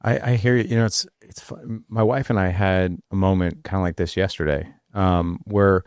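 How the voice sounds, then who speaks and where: A middle-aged man with a very low, gravelly voice, recorded close and dry. He tells a story in animated conversation, jumping into what others said. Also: normal speed, dry recording. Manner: animated, acts out quotes, many restarts. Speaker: podcast host.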